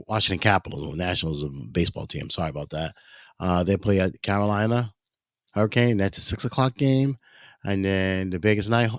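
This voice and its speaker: Low-voiced rambling male podcast host. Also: no room sound, clean studio sound. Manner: rambling, self-correcting, addresses listeners as ladies and gentlemen. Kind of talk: casual solo podcast monologue.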